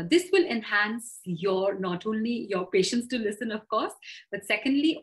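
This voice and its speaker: A woman's voice: mid-range voice, a bit bright, low-quality recording. A woman with an Indian English accent, a communication trainer giving practical advice in an interview, thoughtful and full of fillers and self-corrections.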